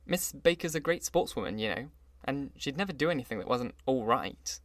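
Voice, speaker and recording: A man's voice: medium pitch, animated, a little fast, dry recording, close to an everyday voice. A man voicing a polished, charming young man who speaks earnestly and eagerly. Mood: reassuring. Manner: bright, earnest, lifted.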